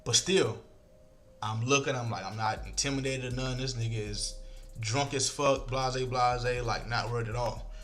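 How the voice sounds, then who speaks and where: A man in the middle of his pitch range, telling a story in a loose, casual way. He acts out what everyone said and swears freely. Soft music plays faintly behind him. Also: normal speed. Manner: animated, acts out quoted lines, swears freely.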